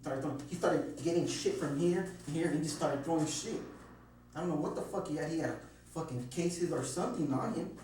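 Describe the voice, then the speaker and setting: A man's voice: a little high, fairly quick, a little mellow. A man being questioned, nervously rambling through his account with lots of swearing and restarts. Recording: very echoey room, distant mic, faint hum.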